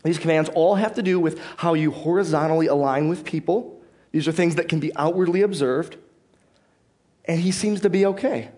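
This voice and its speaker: A man preaching in a church with a slightly higher voice. His sermon is conversational: he explains the passage and puts questions to the congregation. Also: moderate pace, a little mellow. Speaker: pastor.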